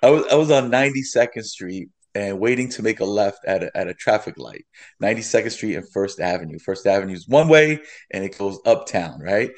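A man who is a guest on a podcast, telling a story in an animated way, acting out the voices and laughing along. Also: fairly low pitch, a little fast.

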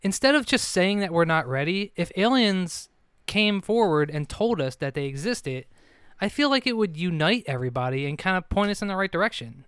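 Man, radio co-host, rambling, earnest, smooth voice, dry studio sound. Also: high-pitched, expressive, moderate pace, fairly bright tone, no room sound. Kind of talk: comedic radio chat.

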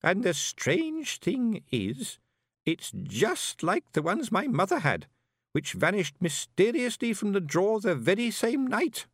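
A man's voice: high voice, huge pitch swings, measured pace, a bit bright, slightly rough, no echo, studio quality, voice pushed up, exaggerated voice. A man voicing an old grandmother telling her grandchildren a story. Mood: storytelling.

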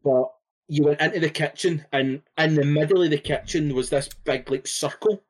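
A man co-hosting a podcast, telling a story in a relaxed, rambling way with lots of fillers and swearing. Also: fairly high pitch, normal speed. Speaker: podcast co-host.

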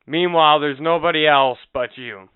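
A man's voice: a little high, normal speed, clean tone, dry recording. A man co-hosting a podcast in crude casual chat, rambling and swearing as he laughs at himself. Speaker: podcast co-host. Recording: tinny phone-like podcast audio.

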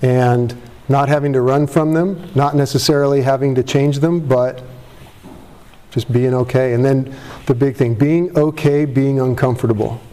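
A man's voice: mid-range voice, fairly even intonation, normal speed, dark tone. A man speaking at a recovery meeting to a live audience, candid and self-deprecating, rambling with restarts, his voice cracking with emotion. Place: meeting room before an audience.

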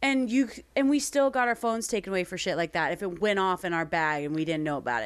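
A woman in her twenties co-hosting a podcast in casual chat, giggly and quick to mimic voices. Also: on the low side, lively intonation, clear, resonant tone. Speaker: podcast co-host.

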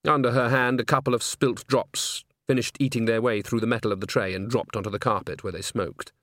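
A man narrating a comic fantasy novel in an even, wry storytelling manner. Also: medium pitch, brisk, dry recording, studio quality. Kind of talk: audiobook narration.

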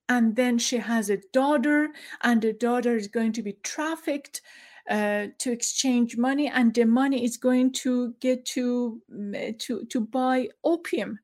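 Slow, halting woman. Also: on the high side, darkish tone. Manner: halting, searching for words, many fillers. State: emotional, near tears. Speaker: former journalist. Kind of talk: emotional personal storytelling.

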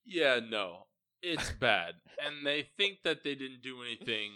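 A young man co-hosting a casual podcast, griping about his landlord in a profane, joking rant. His mid-pitched voice is recorded close and dry, with no room sound around it. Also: big pitch swings, a little slow, sharp tone, smooth, no room sound. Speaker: podcast co-host. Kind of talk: casual chat.

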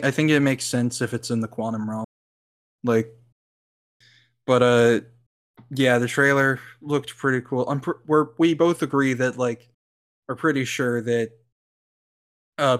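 A podcast co-host talks at a measured pace, his medium-pitched voice fairly even in intonation, and he pauses often. The casual conversation rambles, thick with likes, ums, and laughter.

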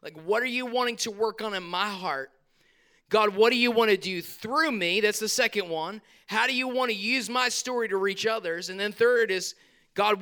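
A man's voice: high-pitched, pushed and bright. A male pastor, preaching a conversational sermon in a church, acting out his prayers and quotes. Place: church sanctuary.

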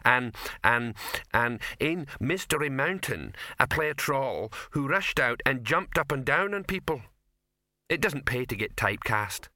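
A man voicing a dim, friendly male troll actor in an audiobook, talking in a slow plodding way. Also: medium pitch, expressive, pushed and bright, dry recording, studio quality. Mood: chatty.

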